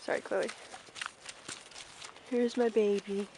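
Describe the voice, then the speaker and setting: A woman's voice: medium pitch, level tone, slow, warm tone, slight background noise, rough recording. A young woman casually vlogging an outdoor farm tour on a handheld camera, chatting and calling out to her ponies.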